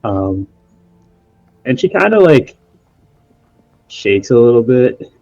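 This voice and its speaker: A man narrating his character's actions in a tabletop game, halting and full of restarts. His voice is mellow and dark. The recording is dry and dull, with faint music. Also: mid-range voice, very animated, no echo. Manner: hesitant, halting, many restarts. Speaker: player.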